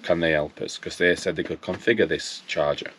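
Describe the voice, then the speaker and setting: A man's voice: deep voice, steady tone, brisk, fairly bright tone, slight background noise. A man, casually telling a story and acting out his phone calls in quoted dialogue. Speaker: vlogger.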